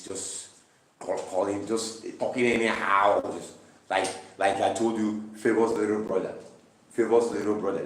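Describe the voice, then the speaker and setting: A man leading a Bible study, reading verses aloud and explaining them with repeated, emphatic phrases. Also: sits low. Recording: roomy, distant mic.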